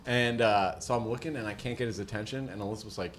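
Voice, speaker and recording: A man's voice: on the low side, quick pace, a little hiss or hum. A man co-hosting a podcast in casual chat, telling stories and acting out what people said. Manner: animated storyteller who acts out quotes.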